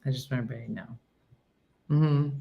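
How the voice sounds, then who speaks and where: A woman's voice: extremely low pitch, fairly even intonation, quick pace, gravelly, muffled recording. A woman in her sixties hosting a casual morning show, chatting and reading out viewer comments with self-mocking humor. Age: 60s. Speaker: show host.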